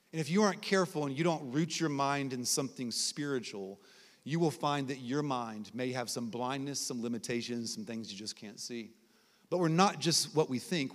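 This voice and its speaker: A man preaches with a slightly raised voice and tells his stories in an animated, conversational way. Now and then he drops to quiet, low tones for emphasis. His voice carries a long reverb through a large hall. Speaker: guest preacher. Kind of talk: sermon with personal stories. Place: large hall at a college ministry gathering.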